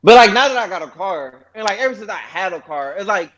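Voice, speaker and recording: A man's voice: high voice, expressive, fast talker, fairly bright tone, rough recording. A young man telling rambling, profane stories in a casual podcast chat. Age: young adult. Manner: rambling, profane storytelling with repeated restarts. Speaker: podcast co-host.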